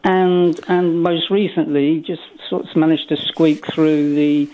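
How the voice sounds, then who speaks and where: A man calls in to a radio show and lays out his thoughts slowly, working through them aloud. His voice comes through a dull, lo-fi line. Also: a little high, flat delivery, mellow. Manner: measured, thinks aloud. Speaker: caller. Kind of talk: phone-in call.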